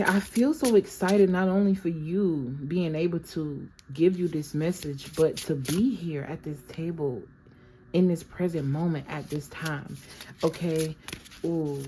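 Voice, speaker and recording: A woman with a low voice gives a casual tarot reading, speaking straight to her viewers. Her talk is chatty and full of slang. A faint noise sits under the recording. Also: unhurried, warm tone. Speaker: tarot reader.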